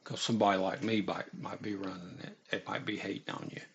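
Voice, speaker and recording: A man's voice: lowish voice, fairly even intonation, brisk, husky. A man casually telling a story, rambling and profane, often stopping to restart his sentences. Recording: dull lo-fi recording.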